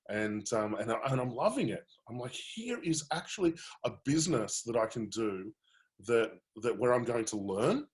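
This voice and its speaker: A man coaching through a live webinar, telling his own story in a candid, animated way. His voice sits at an ordinary middle pitch, and he talks with plenty of fillers and restarts.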